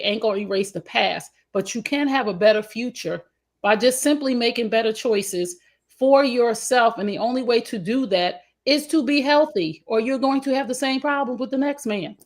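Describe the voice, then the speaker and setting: A woman's voice: fairly high pitch, normal speed. A woman co-hosting a casual relationship talk show, outspoken and emphatic as she hands out blunt advice, with features. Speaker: co-host.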